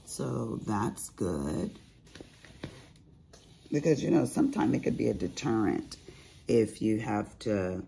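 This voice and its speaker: A woman with a raspy, deep voice chatting casually to viewers at home while she does diamond painting, full of asides. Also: lively intonation, slow, long pauses, dark tone, a little hiss or hum. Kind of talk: casual chat while crafting.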